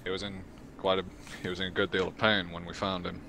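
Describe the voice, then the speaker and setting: A man's voice: sits low, flat delivery, quick pace, creaky, noisy background. A man playing his character in a tabletop role-playing game, answering in dry, curt lines. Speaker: player.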